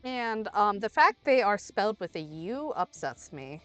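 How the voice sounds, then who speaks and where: A young woman streaming a game and chatting casually, rambling and playful, with sudden loud outbursts, while she is under the weather. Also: medium pitch, very animated, unhurried, no room sound. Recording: faint music behind.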